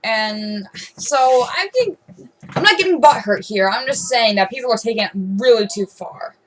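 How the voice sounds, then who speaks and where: A woman's voice: a little high, animated, normal speed, low-quality recording. A teenage girl ranting to camera in a rambling, aggrieved way, full of "um"s, "like"s and restarts. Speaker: vlogger.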